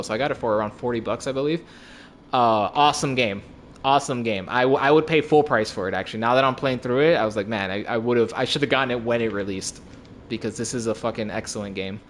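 A man's voice: medium pitch, a bit bright, a little hiss or hum. A young man in casual chat about video games, laid-back, swearing freely and repeating words as he talks.

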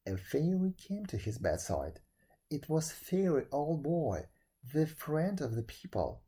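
A male narrator reading an old folk tale aloud with dramatic expression. His pitch rises and falls a lot, and his voice has a warm, somewhat husky tone. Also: sing-song, unhurried.

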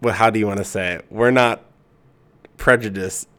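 A man's voice: fairly low pitch, steady tone, moderate pace, fairly bright tone. A man in his twenties co-hosting a podcast, rambling crudely and laughing a lot, tired and sniffly. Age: 20s. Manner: profane, rambling, laughs often. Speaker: podcast co-host. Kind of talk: crude casual podcast banter.

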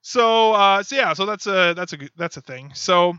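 A man's voice: sits high, expressive, moderate pace, sharp tone, clear, resonant tone, no room sound. A man hosting a casual podcast, chatty and steering the conversation between guests. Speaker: podcast host. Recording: dry, dull lo-fi audio.

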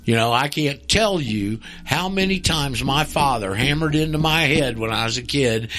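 A man hosts a call-in radio show in blunt, folksy talk. He is emphatic and easily frustrated, and his voice sits at an ordinary middle pitch. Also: normal speed, hardly any pauses, sharp tone.

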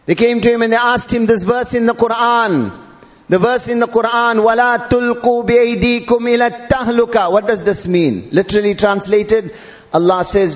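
A man preaching, his voice sitting high for a man. He drags out key words slowly and repeats them, climbing in emphasis. The sound is dull and muffled, with a long reverb trailing behind. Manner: repeats and drawls Arabic terms, rising emphatically. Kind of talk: sermon.

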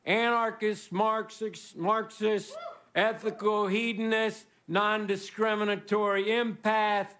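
A man from Texas giving a rambling, deadpan, self-mocking stand-up monologue as guest host on a stage before a live audience. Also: high voice, slow. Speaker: comedy show guest host. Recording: roaring studio audience laughter.

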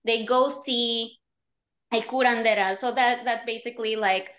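A woman guesting on a podcast, talking in a casual, animated way with many fillers. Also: on the high side, a little slow, echoey room. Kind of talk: casual conversation.

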